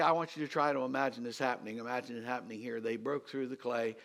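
A middle-aged man, a pastor, telling a story in a sermon and swinging from quiet asides to loud emphasis. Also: mid-range voice, fairly even intonation, quick pace, vocal fry.

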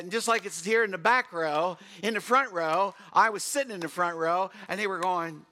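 An older man preaching a sermon, telling a story and singing bits of a gospel song, rising to loud bursts. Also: sits high, animated, quick pace, few pauses, a little hiss or hum. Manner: storytelling, sings snatches of hymns, builds to loud bursts. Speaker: pastor.

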